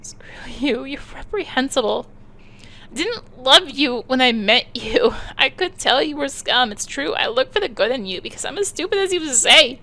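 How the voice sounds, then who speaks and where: A woman's voice: high-pitched, lively intonation, normal speed, pushed and bright, heavily acted. A woman voicing a hurt, bitter teenage girl who talks in a tearful, cutting way. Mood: heartbroken.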